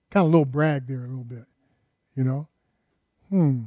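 A man's voice: mid-range voice, normal speed, pauses often, dark tone, no echo, muffled recording. A man preaching a conversational sermon in a folksy way, often putting questions to his listeners.

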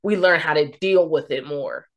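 A woman hosting a podcast interview, speaking gently and openly with emotion. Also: deep voice, moderate pace. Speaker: podcast host. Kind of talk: conversational interview.

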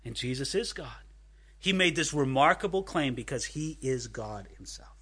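A man's voice: mid-range voice, animated, moderate pace, a bit bright, husky. A man preaching a sermon, telling a story with quoted dialogue and putting rhetorical questions to his listeners. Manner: asks the congregation rhetorical questions. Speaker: pastor.

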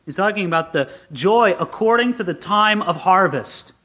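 Male pastor, high voice, middle-aged, animated sermon, hushed asides and excited peaks. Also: moderate pace. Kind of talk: expository Bible sermon.

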